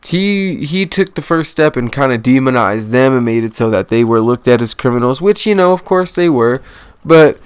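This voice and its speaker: A man's voice: medium pitch, animated, moderate pace, clear, resonant tone, no echo. A man hosting a casual history explainer, rambling and correcting himself, joking about mispronouncing names. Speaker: history channel host.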